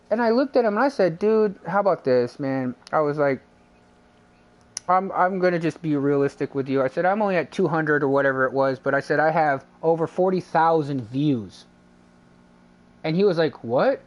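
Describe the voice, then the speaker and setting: Guy streaming games, just rambling and retelling some beef, lots of "and i was like", swears a bunch. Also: a little high. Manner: rambling, retells a dispute with lots of quoted back-and-forth; swears casually. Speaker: game streamer. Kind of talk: casual live-stream chat.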